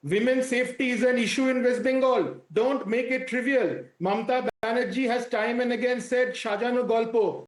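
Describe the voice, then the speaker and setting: A man's voice: very high-pitched, steady tone, normal speed, hardly any pauses, reverberant. A man, a barrister on a TV panel, pushing in insistently and interrupting in a heated debate. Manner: insistent, interrupting, repeats demands to speak.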